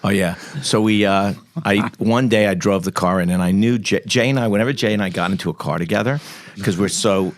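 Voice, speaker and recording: A man from the New York area, a guest photographer, telling lively anecdotes in a podcast interview. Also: lowish voice, brisk, dry recording, clean studio sound. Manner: animated anecdotal storyteller. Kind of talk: storytelling in an interview. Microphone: podcast studio mic.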